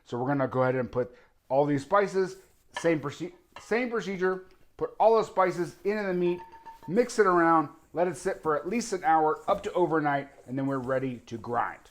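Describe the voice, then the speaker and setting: A man's voice: a little high, moderate pace, slight background noise. A man hosting a casual cooking demonstration, talking eagerly while he cooks and tastes the food. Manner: enthusiastic, talks while tasting and cooking. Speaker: cooking show host.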